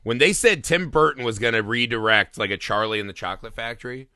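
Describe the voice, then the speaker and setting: A man in his thirties co-hosting a film podcast, profane and animated, often mocking in high voices. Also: fast, no room sound. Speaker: podcast co-host. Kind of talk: casual film podcast chat.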